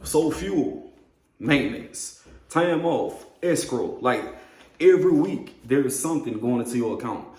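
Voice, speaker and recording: A man who drives trucks, telling a story in a blunt, profane, animated way. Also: medium pitch, a little slow, echoey room. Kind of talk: casual storytelling rant.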